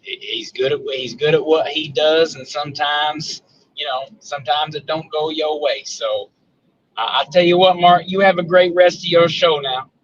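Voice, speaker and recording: A Southern-accented man calls in to a live show, ribbing the host in a folksy, teasing drawl. His voice sits a bit high and comes through a dull, lo-fi line. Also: fairly even intonation, moderate pace. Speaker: caller. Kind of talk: casual call-in banter.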